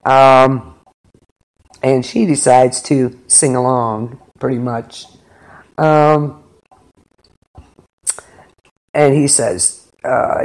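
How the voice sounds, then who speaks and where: A man's voice: mid-range voice, a little mellow. A man hosting a podcast, recapping a show episode in a rambling, filler-heavy way. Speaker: podcast host. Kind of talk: casual episode recap chat.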